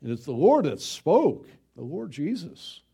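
A man's voice: fairly high pitch, sing-song, unhurried, gravelly, mellow, slightly rough. A man preaching a sermon, telling a childhood story and asking earnest rhetorical questions. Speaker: pastor.

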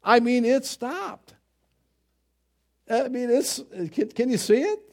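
A middle-aged man preaching a sermon in a lively, swooping voice that sits a little high. He keeps it conversational, throwing questions at the congregation and leaning into dramatic pauses. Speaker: pastor.

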